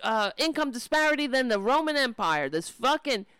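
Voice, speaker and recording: A woman's voice: high-pitched, sing-song, normal speed, fairly bright tone, smooth, dry recording. A woman ranting in angry, profane, sarcastic commentary as she reacts to political clips.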